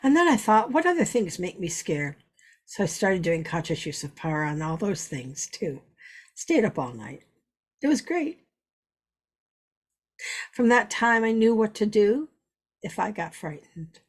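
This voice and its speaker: A woman's voice: medium pitch, sing-song, a little slow, long pauses. A woman spiritual teacher giving an earnest, repetitive teaching talk, weaving in personal stories.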